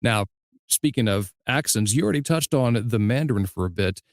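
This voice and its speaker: This relaxed male podcast host, who also narrates audiobooks, has a middling pitch and a faint Southern US accent. In a casual interview chat, he tells stories and poses his questions at an easy, measured pace. The recording is dry and close, with no room sound.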